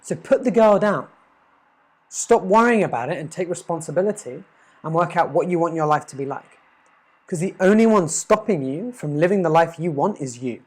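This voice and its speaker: A man giving an earnest, emphatic motivational talk as a life coach, with quick stammered restarts. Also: on the high side, expressive. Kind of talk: motivational monologue.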